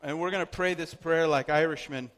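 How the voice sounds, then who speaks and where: Speaking briskly in a fairly bright, higher voice, a preacher shares a personal story as a sermon. The delivery is chatty, riddled with fillers and restarts, and long hall reverb fills the recording.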